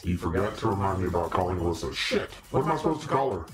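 A man's voice: sits low, very animated, very fast, soft background music. A man in a casual live-stream chat with viewers, playful and mock-preachy, laughing often. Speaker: costumed demon-character livestreamer.

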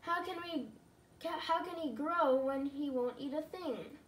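A woman reading the lines of a worried queen and mother in a children's storybook, at a slow pace. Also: high voice, far from the mic, a little hiss or hum. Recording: roomy, from away from the mic.

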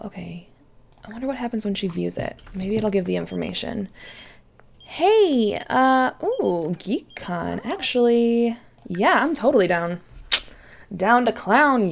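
A young woman casually chatting over her game as a YouTuber, excitable and often dropping to a whisper. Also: medium pitch, vocal fry. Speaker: gaming YouTuber. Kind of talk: casual let's-play commentary.

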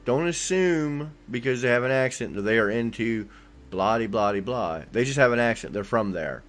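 A man's voice: medium pitch, expressive, normal speed, fairly bright tone. A man co-hosting a podcast in casual, jokey chat, often acting out quoted voices. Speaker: podcast co-host.

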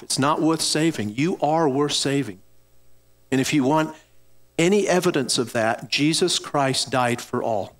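Earnest middle-aged male preacher. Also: mid-range voice. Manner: earnest storytelling, direct address to congregation. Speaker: pastor. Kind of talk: sermon.

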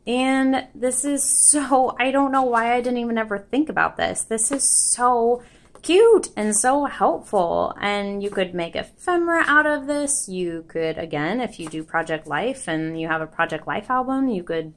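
A young woman chatting casually on her vlog, bubbly and gushing, with a voice that jumps around in pitch and lots of giggles. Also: lively intonation, moderate pace. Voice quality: voice shifts in pitch a lot. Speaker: vlogger. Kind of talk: casual unboxing chat.

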